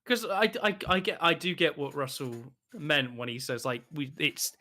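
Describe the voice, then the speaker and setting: A man co-hosting a podcast, chatting eagerly with halting starts and frequent laughs. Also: a little high, expressive, sharp tone. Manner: enthusiastic, laughs often, halting. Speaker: podcast co-host. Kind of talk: casual chat.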